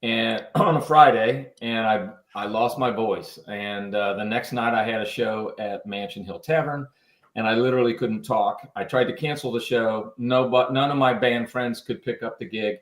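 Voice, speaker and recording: A man, a musician and guest on a radio show, telling stories about his band in an animated way. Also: mid-range voice, moderate pace, roomy sound, rough recording. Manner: animated storyteller, lively quoted voices. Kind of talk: storytelling in interview.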